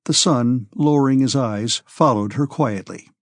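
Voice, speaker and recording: Steady male audiobook narrator. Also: mid-range voice, a little slow, no echo, studio quality. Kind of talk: scripted narration.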